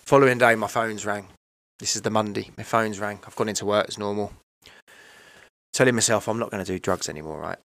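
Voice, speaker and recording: A man talks through a hard personal story. His voice sits low, with a gravelly, fry-edged texture. It is recorded close and dry, and he rambles candidly and emotionally, leaning on "you know" and "right?". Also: steady tone, fairly quick, fairly bright tone, dry recording. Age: 30s. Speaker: podcast guest.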